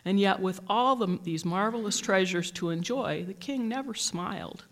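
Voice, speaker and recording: A teacher reading a picture book aloud in a gentle, measured storytelling manner. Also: medium pitch.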